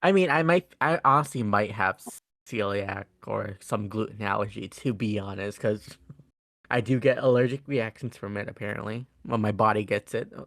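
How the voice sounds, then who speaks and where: A woman co-hosting a podcast in casual chat, mostly chiming in with short reactions and quick laughs. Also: extremely low pitch, fairly bright tone, no echo, clean studio sound. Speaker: podcast co-host.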